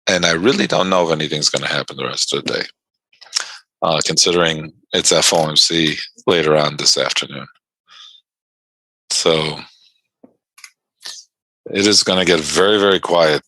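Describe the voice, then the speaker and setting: Man, trading stream host, extremely deep voice, dry close sound, joking and chatty. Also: steady tone, normal speed, long pauses, bright, forceful tone, dry recording, rough recording. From New York. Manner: joking, laughs often, chats to viewers. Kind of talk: casual livestream chat about trading.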